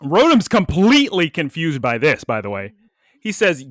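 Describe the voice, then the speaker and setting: A man's voice: fairly high pitch, wildly swooping pitch, moderate pace, no echo, studio quality. A man co-hosting a podcast, recapping an episode in casual chat and slipping into little character voices. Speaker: podcast co-host.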